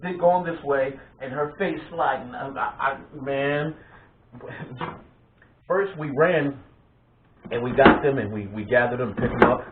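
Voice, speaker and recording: A man casually spinning childhood stories for his vlog, animated and quick to laugh, tripping over his words as he goes. The sound is thin and phone-like, with a roomy echo. There is a faint hiss behind him. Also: mid-range voice. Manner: animated, laughing, with frequent restarts. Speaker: vlog host. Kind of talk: casual storytelling of family memories. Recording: tinny phone-like sound in an echoey room.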